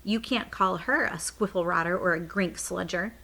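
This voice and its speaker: A woman's voice: lowish voice, normal speed, gravelly, bright, forceful tone, full character voice. A woman voicing a spirited, indignant young girl in a read-aloud children's story, eager and insistent.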